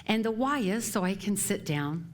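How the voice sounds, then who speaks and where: A middle-aged woman minister giving a live sermon to her congregation, chatty and quick to laugh as she tells stories. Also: mid-range voice, animated. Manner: chatty and warm, laughing often while telling stories. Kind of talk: sermon talk. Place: church sanctuary before a live congregation.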